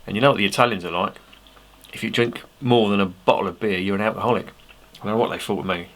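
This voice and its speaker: A man's voice: on the low side, fast, a bit bright. An English man reviewing a beer on camera in a casual, rambling way, swearing freely and making self-mocking asides. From England.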